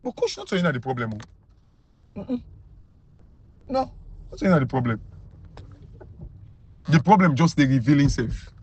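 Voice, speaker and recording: A Sierra Leonean man speaking in Krio-accented English, giving a mocking, emphatic political rant that keeps jumping high when he is incredulous. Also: big pitch swings, measured pace, long pauses, darkish tone, slightly rough, highs cut off. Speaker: political commentator.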